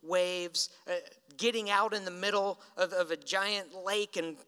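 Storytelling preacher in a reverberant hall. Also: male voice, high voice, fairly even intonation, a little slow, pushed and bright, smooth. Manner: conversational storytelling, acts out quoted lines. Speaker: pastor. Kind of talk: sermon.

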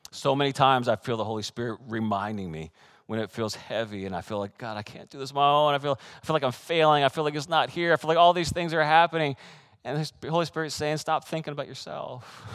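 A man preaching a sermon, animated and excitable, acting out quoted voices and breaking into soft laughs. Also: mid-range voice, fast talker. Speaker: pastor.

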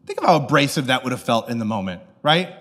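A man's voice: medium pitch, very animated, fast talker, a bit bright, long reverb tail. A man pastor giving a casual, joking sermon, often checking in with the audience. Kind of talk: conversational sermon.

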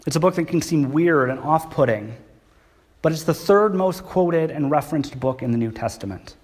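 A man's voice: fairly high pitch, animated, moderate pace, darkish tone, husky. Conversational man preaching. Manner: conversational, asks the congregation questions. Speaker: pastor. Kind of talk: sermon. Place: church hall.

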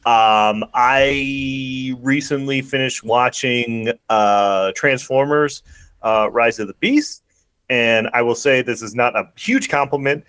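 A man's voice: mid-range voice, fairly bright tone, clear, resonant tone, no echo. Guy on a movie podcast, lots of ums and restarts, dry close sound. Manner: halting, lots of fillers and restarts. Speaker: podcast co-host. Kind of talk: casual chat.

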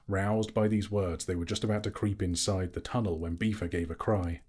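A man narrating a fantasy story aloud in a slow, measured, dramatic reading. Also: low voice, fairly even intonation, a little mellow, slightly rough. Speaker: audiobook narrator.

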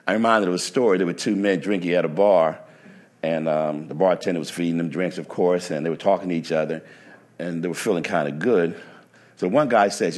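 Male pastor, lowish voice, storytelling sermon that builds to emphatic preaching. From New Jersey. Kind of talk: sermon with anecdotes.

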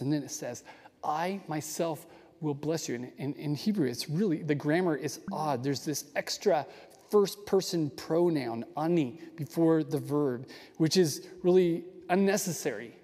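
A man's voice: on the high side, measured pace, warm tone. A man giving a sermon in an earnest, enthusiastic way, often restarting his phrases. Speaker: pastor. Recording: long hall reverb.

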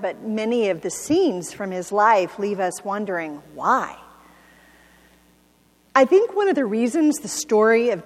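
A woman's voice: mid-range voice, a little mellow, big-room sound. A woman pastor delivering a reflective, earnest sermon to her congregation. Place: church sanctuary.

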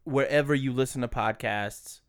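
A man's voice: medium pitch, moderate pace. A man co-hosting a comedy podcast, chatting casually with loose, swearing banter. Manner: swearing, laid-back banter. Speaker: podcast co-host. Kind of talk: casual chat.

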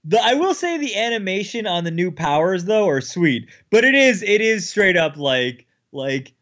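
A man's voice: sits high, sing-song, normal speed, hardly any pauses, a bit bright, muffled recording. A man co-hosting a podcast, rambling casually with many fillers. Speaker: podcast co-host. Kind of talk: casual chat.

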